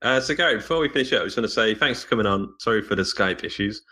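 A man's voice: on the low side, animated, rapid-fire, pushed and bright. A man hosting a podcast, chatting casually and thanking his guest. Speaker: podcast host. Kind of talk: casual chat.

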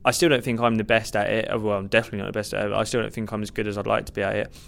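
A man's voice: lowish voice, level tone, rapid-fire, vocal fry, a bit bright. A man, a stand-up comedian, giving candid, self-deprecating and rambling answers in a podcast interview.

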